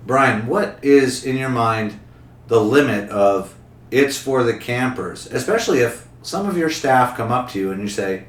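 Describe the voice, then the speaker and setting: A man's voice: medium pitch, lively intonation, unhurried. A young man hosting a casual podcast interview, playful and rambling as he quizzes his guests. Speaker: podcast host. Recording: roomy recording with faint background hum.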